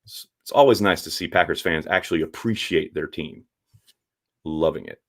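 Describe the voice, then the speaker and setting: A man hosting a casual live stream, reading viewer chat and giving blunt, animated takes with the odd swear. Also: rumbling low, normal speed, gravelly. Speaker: sports show host reading viewer chat.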